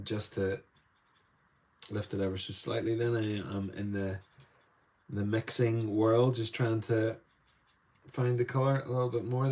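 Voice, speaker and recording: This Irish man's voice is on the low side and a little mellow. He's giving a live watercolour lesson from an indoor art studio, talking to his viewers and wandering off into asides as he paints.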